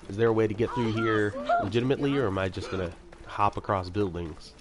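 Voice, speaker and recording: A man's voice: fairly low pitch, steady tone, fast. A man giving casual, rambling commentary while playing a video game, with chatty self-mocking asides. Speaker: let's-play commentator. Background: video game music.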